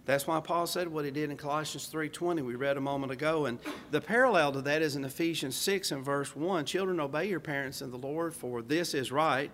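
An older man preaching a sermon in an earnest, measured way, with folksy asides. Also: a little high, fairly bright tone, a little hiss or hum.

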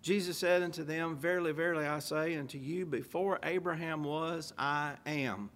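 A man's voice: fairly high pitch, normal speed, a bit bright. A man preaching a sermon, reading old-style scripture aloud with emphasis and asking rhetorical questions. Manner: emphatic, stressing key phrases.

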